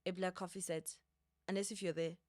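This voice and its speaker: A South African woman chatting casually as a guest, animated and emphatic, repeating her phrases for effect. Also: fairly low pitch, a little fast, no echo, studio quality. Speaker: guest, TV presenter. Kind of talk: casual chat.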